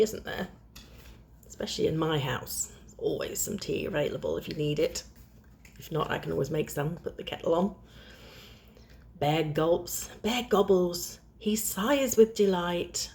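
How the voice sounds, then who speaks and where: Slow creaky woman reading to kids. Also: low-pitched. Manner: gentle, chatty asides to children. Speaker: storyteller host. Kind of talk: children's storybook reading.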